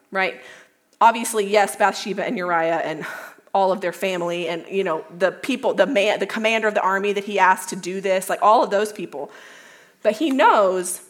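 A young woman gives a casual youth talk, retelling a Bible story in a chatty way full of "like" and quick self-corrections. Her voice is medium in pitch with a fairly bright tone.

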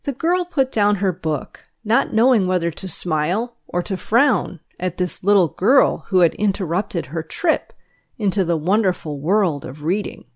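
Slow, expressive woman reading stories aloud. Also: on the low side. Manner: measured, expressive storytelling. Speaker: reader. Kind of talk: reading a school paper aloud.

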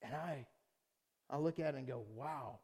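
A middle-aged man preaching as a pastor, telling a personal story in a conversational style that swings from quiet asides to loud, heated outbursts. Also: mid-range voice, normal speed, slightly rough. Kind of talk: sermon with personal testimony.

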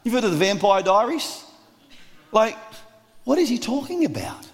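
A man preaching a sermon, lively and acting out the voices of the crowd. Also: high-pitched, moderate pace. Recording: long reverb of a large hall.

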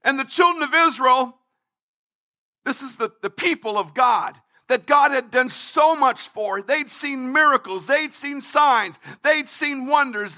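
A man's voice: very high voice, bright, forceful tone. A man preaching a livestreamed sermon as pastor, reading scripture aloud and pressing his points with emphatic repetition.

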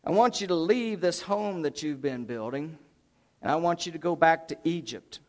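A man preaching a sermon, voicing God as a calm, commanding male voice that speaks low and steady. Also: normal speed, natural voice.

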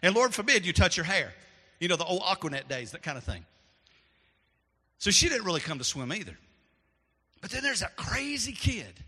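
High, bright-voiced preaching man. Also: big pitch swings, moderate pace, long pauses, slightly rough. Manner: dynamic preaching, swings from loud to hushed. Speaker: pastor. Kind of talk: sermon. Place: church sanctuary. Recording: long hall reverb.

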